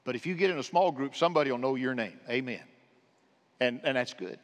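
A man preaching a sermon as pastor, swinging between impassioned and hushed delivery in a church. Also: medium pitch, quick pace, big-room sound. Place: church sanctuary.

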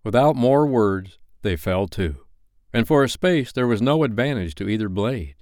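Lively, expressive male storyteller. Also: on the low side, normal speed, no echo, studio quality. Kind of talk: audiobook narration.

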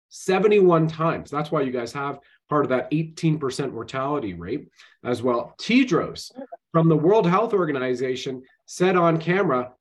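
Man host giving a rapid recap. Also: mid-range voice, poor audio. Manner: rapid-fire recap, addresses audience as folks. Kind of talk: talk show commentary.

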